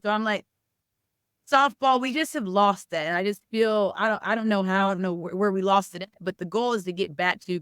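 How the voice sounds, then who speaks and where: Animated, smooth-voiced woman telling a story. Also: medium pitch, dry recording, studio quality. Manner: animated storytelling, many "like" fillers, acts out quoted speech. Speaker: softball coach and former college player. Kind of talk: casual interview talk.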